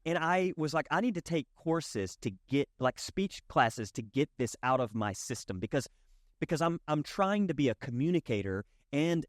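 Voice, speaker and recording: A pastor from East Tennessee with a Southern accent, preaching in a conversational, animated storytelling way. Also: male voice, medium pitch, dry recording, studio quality. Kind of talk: sermon. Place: church.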